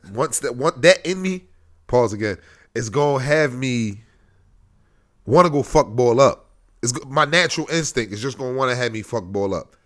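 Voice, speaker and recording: Young male podcast co-host with a mid-pitched voice that swings widely as he acts out scenarios in slang. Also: expressive, moderate pace. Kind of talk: casual podcast chat.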